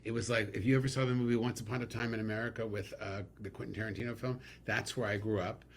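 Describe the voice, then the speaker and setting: A middle-aged man from New York, a guest comedian telling stories in a casual interview, animated and theatrical. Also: on the low side, quick pace, slight background noise.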